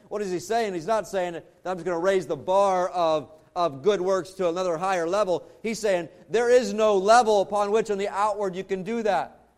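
High-voiced man preaching a sermon. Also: darkish tone. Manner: earnest preaching, slows and drops low for emphasis. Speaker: pastor.

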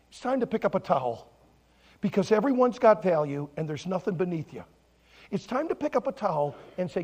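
A male pastor preaching a sermon in a church, telling a story with great animation, acting out voices, and swinging from soft hushes to loud exclamations. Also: sits high, big pitch swings, moderate pace, breathy edge. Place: church sanctuary.

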